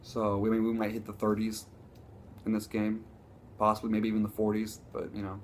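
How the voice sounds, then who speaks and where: A man ranting casually about his football team, profane and excitable, rambling with frequent restarts. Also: on the low side, normal speed, a little hiss or hum. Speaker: sports vlogger. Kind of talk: casual sports rant.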